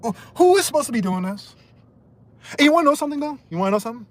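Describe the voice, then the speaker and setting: A man ranting angrily on a livestream, hurling insults and swinging between loud outbursts and muttered asides. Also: very high voice, sing-song, racing. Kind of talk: heated livestream rant.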